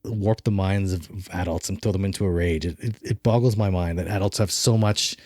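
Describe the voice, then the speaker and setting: A man giving strong opinions in a casual podcast chat about films. His voice is mellow and dark, and he rambles and restarts his sentences. The sound is dry and close to the mic. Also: low-pitched, steady tone, fairly quick, dry recording. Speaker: podcast co-host. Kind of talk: casual film review chat.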